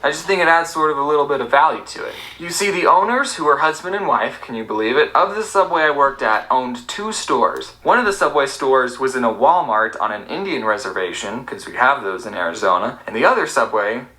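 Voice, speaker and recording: A young man narrating an animated storytime, sarcastic and animated, acting out quotes and beeping sounds. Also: medium pitch, a little fast, few pauses.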